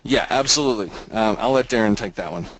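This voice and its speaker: Casual man presenting a software demo. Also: lowish voice, fast talker, rough recording. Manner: casual explanatory, frequent fillers.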